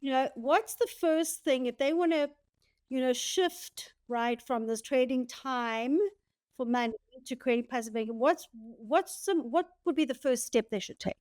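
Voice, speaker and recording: A woman's voice: high voice, measured pace, darkish tone, no echo. Effusive woman hosting an interview. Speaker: podcast host. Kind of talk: casual interview talk. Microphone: remote call.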